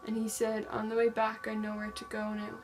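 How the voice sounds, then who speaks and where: A woman's voice: a little high, monotone, fairly quick, over music, poor audio. A young woman vlogger casually retelling a true-crime story, reading text messages aloud with lots of "like" fillers.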